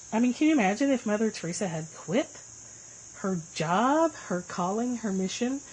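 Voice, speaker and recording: A woman hosting a casual livestream, chatting with viewers and answering their comments with lively swings in pitch. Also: normal speed, slightly rough, rough recording. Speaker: livestream host.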